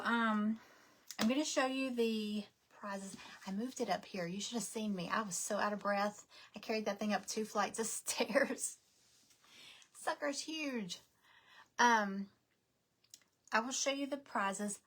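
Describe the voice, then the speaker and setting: A woman's voice: mid-range voice, pushed and bright. A woman hosting a craft livestream, chatting casually and muttering to herself now and then.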